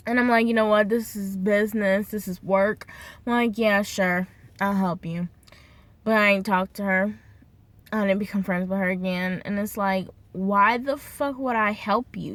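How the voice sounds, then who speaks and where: Young woman in her twenties, vlog rant; swears freely, acts out the people in her story. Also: medium pitch. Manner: heated, profane, acts out the people she quotes. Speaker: vlogger.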